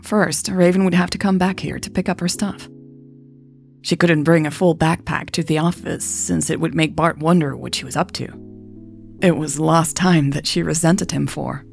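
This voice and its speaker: Low, gravelly woman narrating. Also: steady tone, moderate pace, soft background music. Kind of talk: audiobook romance narration.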